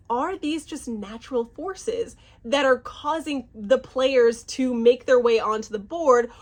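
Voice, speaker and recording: High-voiced animated woman reviewer. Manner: animated, restarts words, stumbles over names, avoids cursing. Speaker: fantasy series reviewer. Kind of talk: casual reaction review.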